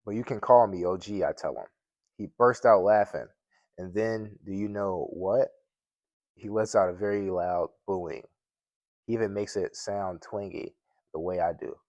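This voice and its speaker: A man with a very low voice reads a children's chapter book aloud, plain and unhurried, now and then stumbling and restarting a word. The sound is dry and close, with no room echo. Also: darkish tone, lo-fi sound. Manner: plain reading with occasional slips and restarts. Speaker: mystery guest reader.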